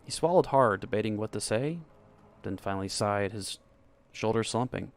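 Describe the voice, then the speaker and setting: Young man narrating a romance softly. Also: lowish voice, expressive, normal speed. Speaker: storyteller. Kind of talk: first-person romance story narration. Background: faint background music.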